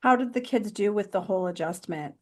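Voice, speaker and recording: A woman hosts a podcast interview, asking her questions in an encouraging, supportive way. Her voice sits at an ordinary pitch for a woman. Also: brisk, a little mellow. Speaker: podcast host. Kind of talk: interview conversation.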